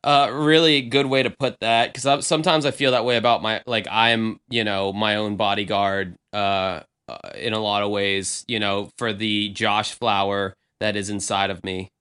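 A man's voice: lowish voice, little pitch movement, normal speed, few pauses, pushed and bright, smooth. Rambling man on a casual podcast. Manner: rambling, profane, lots of fillers. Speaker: podcast co-host.

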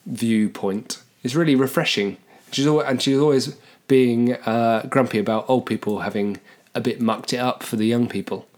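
A man's voice: medium pitch, moderate pace. A young man co-hosting a casual podcast, wry and playful with odd turns of phrase. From Britain. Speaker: podcast co-host. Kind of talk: casual chat.

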